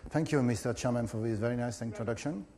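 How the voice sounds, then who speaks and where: A middle-aged man with a French accent, a professor giving a conference lecture in a hesitant way with many pauses and filler sounds. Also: medium pitch, warm tone.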